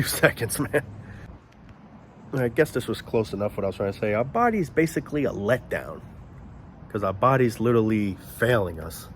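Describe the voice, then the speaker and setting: A man's voice: mid-range voice, a little hiss or hum. Rambling man talking outdoors. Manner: rambling, searches aloud for words. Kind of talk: casual monologue. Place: outdoors near planes and traffic.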